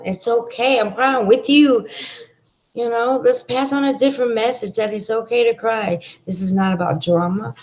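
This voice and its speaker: A woman's voice: medium pitch, darkish tone, poor audio. A woman hosting a livestream chat, talking in an effusive, heartfelt, spiritual way over a video call. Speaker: livestream host. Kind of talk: emotional live chat.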